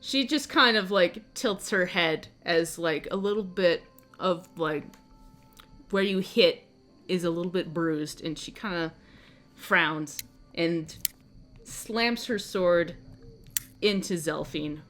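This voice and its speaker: A woman's voice: lowish voice, takes it slowly, pauses often, a bit bright, soft background music. Chatty woman game master. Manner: loose, chatty narration with many fillers. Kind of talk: narrating a tabletop game.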